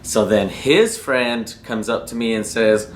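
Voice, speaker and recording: A man's voice: lowish voice, measured pace, slight background noise. A man from New Mexico casually telling a story about drag racing, slangy and rambling and cursing freely. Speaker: racing vlogger.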